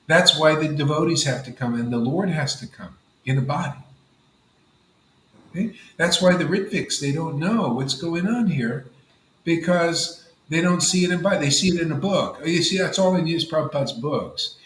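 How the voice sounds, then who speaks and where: A man giving an informal devotional talk to a gathering, casual and animated, often saying "man" and "you know". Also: a little high, moderate pace, echoey room, slight background noise, poor audio. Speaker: spiritual teacher.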